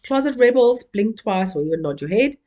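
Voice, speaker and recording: A woman's voice: fairly high pitch, lively intonation, a little fast, a little mellow. A woman from Africa, giving an interactive keynote and playfully coaxing the audience to join in. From South Africa. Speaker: keynote speaker.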